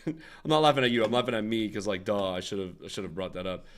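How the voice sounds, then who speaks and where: A man's voice: on the low side, animated, fast, a bit bright. Rambling casual male livestream host. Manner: rambling, restarts, frequent laughs and asides to chat. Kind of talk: casual livestream chat and tutorial.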